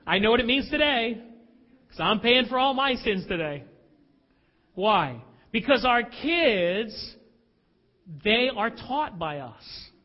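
High-voiced man preaching in a hall. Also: lo-fi sound. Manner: emphatic, confessional preaching with rhetorical questions. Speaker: pastor. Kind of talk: sermon.

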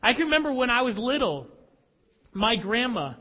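Male pastor, very high voice, emphatic confessional preaching, echoing hall. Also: sing-song, moderate pace, husky, muffled recording. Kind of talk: sermon.

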